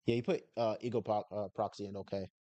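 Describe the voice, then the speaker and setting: A man's voice: lowish voice, steady tone, fast, mellow, no room sound. A man live-streaming, casually reacting to an anime review video in a laid-back, slangy way.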